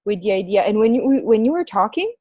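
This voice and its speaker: A woman's voice: medium pitch, very animated, quick pace, dark tone, no room sound, highs cut off. A woman talking in a loose, rambling conversational way, full of filler words, as a podcast co-host. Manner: rambling, heavy use of "like" fillers. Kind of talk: casual conversation.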